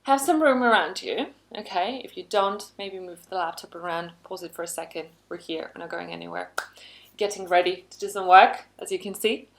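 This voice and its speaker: A woman with a gravelly, lowish voice gives a conversational online lesson as a workplace skills trainer, speaking at a moderate pace. She's chatty and upbeat, adding lots of "you know" asides and upbeat emphasis.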